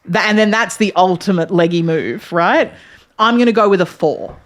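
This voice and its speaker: A woman's voice: on the low side, moderate pace. A woman co-hosting a casual podcast chat, emphatic and slangy. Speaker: podcast co-host.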